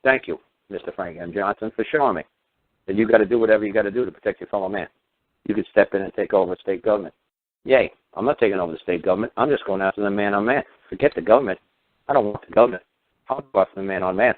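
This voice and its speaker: A fairly low-pitched man talks quickly with no room sound as he hosts a radio show. He's ranting heatedly, peppering listeners with sarcastic rhetorical questions and some swearing. The audio is the tinny quality of phone-line radio.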